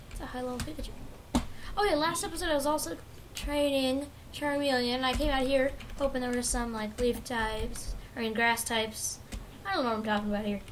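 A young woman commentating her own Pixelmon let's play, rambling casually and bursting into excited shrieks. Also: high voice, slight background noise. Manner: chatty, swings from mumbling to excited shrieks. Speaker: gaming YouTuber.

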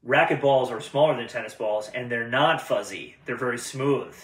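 A man's voice: medium pitch, moderate pace, recorded from a distance, a little hiss or hum. A man hosting a casual vet podcast, swinging between earnest stories and groan-worthy jokes. He sits a little back from the mic, and the room rings around his voice. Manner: storytelling, lively joke delivery. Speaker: veterinarian podcast host. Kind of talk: casual chat and corny jokes. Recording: roomy, from off the mic.

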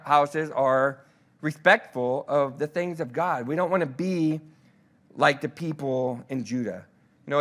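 Male Bible teacher, slightly high voice, casual delivery, slows down for scripture readings. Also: a bit bright. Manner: conversational, frequent "you know" fillers; reads scripture aloud slowly and emphatically. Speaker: pastoral care leader teaching scripture.

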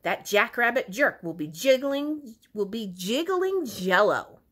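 A tiny, jumpy little storybook creature, loyal and bouncy, crying out high and excited, as a woman reads him. His pitch swings widely from line to line. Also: unhurried, slightly rough, heavily acted. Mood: loyal earnest.

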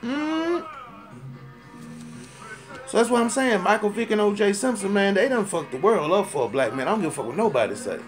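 Heated, high-pitched profane ranting man. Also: fairly quick, pauses often, soft background music. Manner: profane, heated and rambling, repeats himself for emphasis; animated, rising to loud indignant outbursts. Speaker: storyteller ranting to camera. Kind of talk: comic rant monologue.

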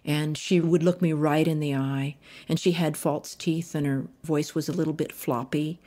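A woman's voice: low-pitched, fairly even intonation, moderate pace, mellow. A woman poet recalling her past in a fond, plainspoken interview manner. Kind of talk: reflective interview recollection.

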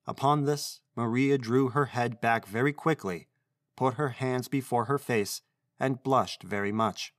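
A man narrating a classic children's story in a measured, expressive reading voice. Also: mid-range voice, no echo, clean studio sound.

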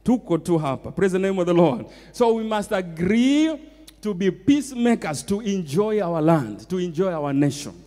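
A Kenyan man preaching in a high, ringing voice, repeating his key lines for emphasis. His sermon carries the long reverb of a church hall. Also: expressive, moderate pace, warm tone. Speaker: pastor.

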